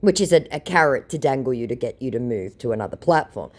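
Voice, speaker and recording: A woman's voice: rumbling low, animated, quick pace, darkish tone. A woman vlogger telling the story of her chats with scammers in a sarcastic, mocking way. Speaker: vlogger recounting scam chats. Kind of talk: casual storytelling.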